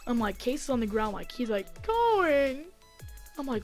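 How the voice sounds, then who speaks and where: A woman telling a story in a casual vlog, rambling with lots of fillers and getting excited as she acts it out on a desk mic. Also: a little high, normal speed, faint music behind. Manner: rambling, heavy on fillers, gets excited acting out the fight. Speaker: vlogger.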